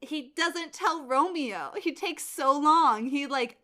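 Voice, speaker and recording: Woman, podcast co-host, bright voice, slightly high, lively, chatty, acts out lines. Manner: animated, acts out characters in quick asides. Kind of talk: casual theater discussion.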